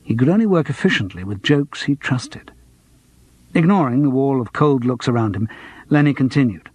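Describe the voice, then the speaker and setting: Husky, dry-voiced male narrator. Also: medium pitch, expressive, moderate pace, darkish tone, no echo. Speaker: audiobook narrator. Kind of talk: scripted narration. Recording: dry close studio.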